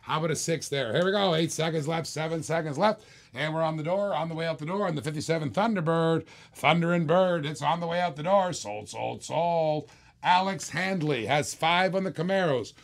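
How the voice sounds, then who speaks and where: A man hosting a live-streamed toy car auction, calling bids in quick repeated bursts with chatty asides to viewers. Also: fairly high pitch, gravelly, fairly bright tone. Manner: rapid repetitive bid calling, chatty asides. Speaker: auctioneer host.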